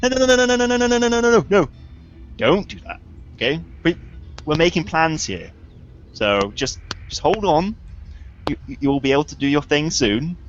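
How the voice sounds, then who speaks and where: A man's voice: a little high, very animated, normal speed, pauses often, muffled recording, pitched above the performer's own voice. A man voicing an exasperated, firm male outlaw in a tabletop game.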